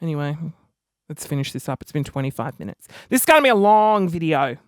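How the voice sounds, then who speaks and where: A man's voice: on the high side, fast, smooth, dry recording, studio quality. A man telling comic personal stories in a casual podcast vlog, acting out the people in them. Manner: animated, acts out people in the story. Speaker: podcast host.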